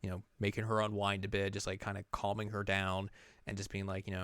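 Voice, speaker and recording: A man's voice: fairly low pitch, completely flat delivery, fast talker, a bit bright, clear, resonant tone, no echo, studio quality. A man hosting a casual anime recap, rambling with lots of fillers and acting out the characters. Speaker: host.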